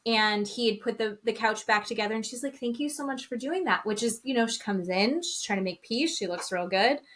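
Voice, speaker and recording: A woman's voice: medium pitch, brisk. Gossipy woman recapping reality TV. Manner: animated gossipy storytelling, acting out quotes. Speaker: podcast co-host. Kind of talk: casual chat recapping reality TV.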